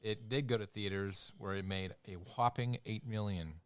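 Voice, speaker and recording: A man with a low, smooth, resonant voice on a movie podcast. He speaks calmly and offers facts and figures. He gives short replies to the others. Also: normal speed. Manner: calm, fact-reading, with short backchannels. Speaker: podcast co-host. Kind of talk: casual movie review chat.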